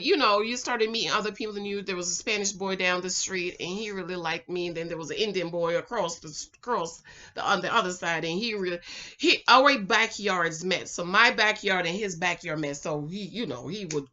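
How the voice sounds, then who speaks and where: A Jamaican woman telling a personal story in a casual, animated vlog. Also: mid-range voice, moderate pace, dull audio. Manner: animated, chatty, swings from loud to quiet. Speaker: vlogger.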